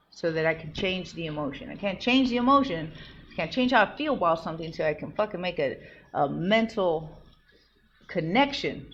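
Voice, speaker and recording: A woman in a raw personal monologue, blunt and emphatic with heavy swearing, at times rising to loud outbursts. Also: lowish voice. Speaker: vlogger sharing personal growth. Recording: dull lo-fi recording with faint background noise.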